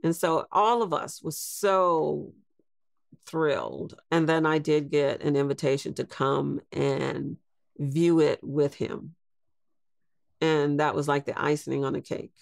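A woman in her sixties, a podcast guest telling a personal story in a slow, reflective way. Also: low voice, steady tone, gravelly, no room sound, studio quality. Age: 60s. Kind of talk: storytelling interview.

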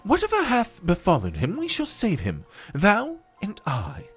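A man voicing a young woman huntress who speaks in old-fashioned thee-and-thou English and talks gently to her animal. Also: sits high, wildly swooping pitch, measured pace, husky, faint music behind, pitched above the performer's own voice, heavily acted. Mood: earnest.

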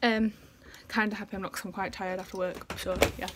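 A woman's voice: mid-range voice, little pitch movement, a little fast, background noise. A young woman chatting in a casual home vlog, bubbly and rambling as she gushes over things. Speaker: vlogger. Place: family home, indoors.

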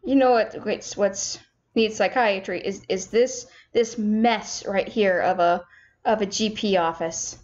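In a slightly dull lo-fi home recording, a young woman streamer gives casual commentary on a management game, chatting, poking fun at herself and talking to herself as she builds. Her mid-range voice is darkish and fairly even in intonation, and a little slow.

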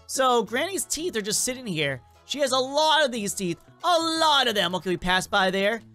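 A gaming channel host doing playful, animated let's-play commentary, joking with viewers and game characters. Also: medium pitch, normal speed, soft background music.

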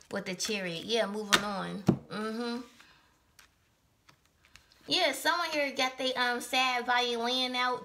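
A woman giving a casual tarot reading, chatty and slangy, with plenty of swearing and quick self-corrections. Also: a little high, background noise. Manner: keeps correcting herself. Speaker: tarot reader.

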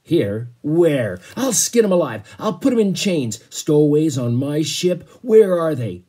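Here is a plump, hot-tempered ship captain from a storybook, put on by a man reading aloud. He bellows his threats high and loud through a very husky, warm-toned throat. His pitch swings wildly as he rages. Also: sing-song, measured pace, heavily acted. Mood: furious.

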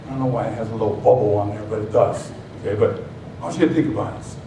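A man's voice: fairly low pitch, fast talker. A male pastor preaching in a conversational, joking way, acting out the scenes he describes. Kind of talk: sermon. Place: church sanctuary. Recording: very echoey hall, mic far off, faint hiss.

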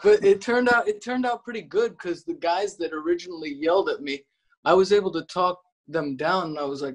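A man's voice: sits high, fairly quick, rough recording. Man telling a story on a video call. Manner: animated storyteller acting out quoted voices. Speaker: band member on a video call. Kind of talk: casual chat.

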